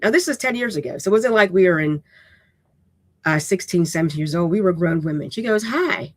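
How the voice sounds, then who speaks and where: A woman's voice: on the low side, brisk, dry recording. Blunt, casual woman teaching writing. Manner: casual and direct, checks in with "okay?"; unapologetically raw way of speaking. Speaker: writing instructor and host. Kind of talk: live-streamed writing lesson.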